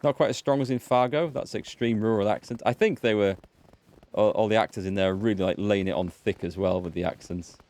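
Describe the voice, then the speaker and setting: Chatty low-voiced gamer. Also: male voice, brisk, darkish tone. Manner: chatty, rambling, wry asides. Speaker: let's play gamer. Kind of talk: casual gameplay commentary.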